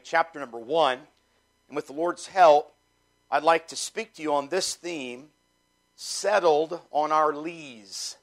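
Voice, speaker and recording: A middle-aged man from Canada, a pastor giving a folksy, conversational sermon and asking his congregation questions. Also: mid-range voice. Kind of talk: sermon with prayer.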